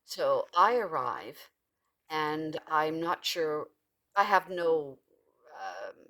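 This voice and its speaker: A middle-aged woman spins a casual story with a cheeky, irreverent edge. Her voice sits on the lower side for a woman, and her delivery is animated and storytelling-driven. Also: drawn-out words.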